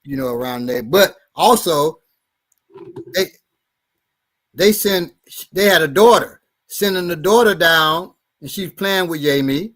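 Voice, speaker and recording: Middle-aged male host, high bright voice, animated, profane storyteller. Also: unhurried, pauses often. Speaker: podcast host and martial arts instructor. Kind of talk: casual storytelling chat.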